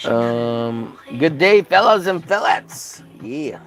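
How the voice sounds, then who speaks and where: A man's voice: medium pitch, lively intonation, takes it slowly, a bit bright, faint music behind. A man from Texas chatting casually with his live chat while drawing, rambling and joking crudely. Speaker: streamer.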